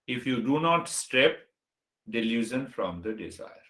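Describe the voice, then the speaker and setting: A man giving a meditation teaching talk as a spiritual teacher, speaking deliberately and listing words one at a time. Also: medium pitch, animated, sharp tone. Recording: roomy echo.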